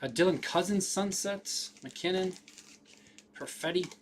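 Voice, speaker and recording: A man's voice: high voice, a little slow, slight background noise. A man hosting a live card break, rattling off names with casual running commentary.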